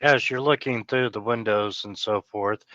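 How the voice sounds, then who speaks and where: A man's voice: on the low side, moderate pace, bright, forceful tone, no room sound, dull audio. A man narrating as game master, hesitant and full of filler sounds. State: hiccups.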